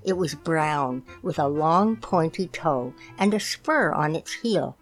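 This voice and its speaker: A woman reading a children's picture book aloud, gently explaining things for young listeners. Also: low voice, animated, takes it slowly, faint music behind. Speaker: storytime reader.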